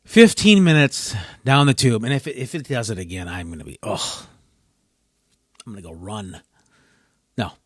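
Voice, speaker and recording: A man's voice: lowish voice, fairly quick, dry recording, clean studio sound. A man hosting a solo podcast, rambling and frustrated, often breaking off mid-sentence. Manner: frustrated, rambling, self-interrupting. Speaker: podcast host.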